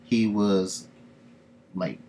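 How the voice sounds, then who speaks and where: Low-voiced man casually recapping a comic. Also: level tone, extremely slow, mellow, a little hiss or hum. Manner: rambling, loose summarizing with fillers. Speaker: streamer reading comics. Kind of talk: casual live-stream commentary.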